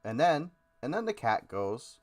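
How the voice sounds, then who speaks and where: A man's voice: medium pitch, big pitch swings, measured pace, darkish tone. A man co-hosting a podcast, talking bluntly and profanely with a joking edge in a casual chat. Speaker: podcast co-host.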